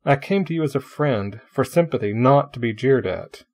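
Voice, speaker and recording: A man voicing an irritable young man in pain who snaps gruffly, with a husky voice. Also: mid-range voice, expressive, moderate pace, darkish tone. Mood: angry. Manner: gruff, snapping.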